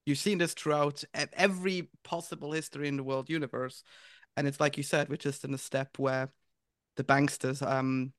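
Man hosting, higher voice. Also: flat delivery, moderate pace, a bit bright, no echo, clean studio sound. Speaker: podcast host. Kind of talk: casual podcast interview.

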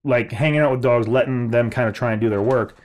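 Male co-host, casual storytelling, animated and profane, average pitch. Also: fast talker. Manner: animated, swearing, laughing, mimicking others in quotes.

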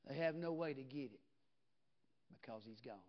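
A man preaching a revival sermon in a folksy way, swinging from shouted preaching to hushed storytelling. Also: mid-range voice, moderate pace, dull audio. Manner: folksy, drops into "ain't" and "you know what".

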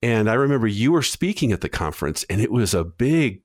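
Low-voiced thoughtful male interviewer, dry sound. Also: sing-song, no room sound. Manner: thoughtful, measured, affirming. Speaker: interviewer host. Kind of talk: conversational interview.

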